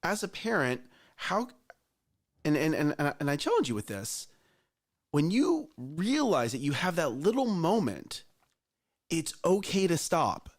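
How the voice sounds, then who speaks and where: A man's voice: fairly high pitch, huge pitch swings, a little slow. Earnest middle-aged man host. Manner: earnest, emphatic, challenges listeners. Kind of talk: casual chat.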